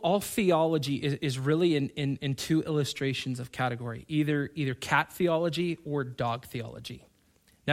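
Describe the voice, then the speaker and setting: A man's voice: a little high, fairly bright tone. A male pastor preaching a sermon to his church, emphatic and repetitive, addressing the congregation directly.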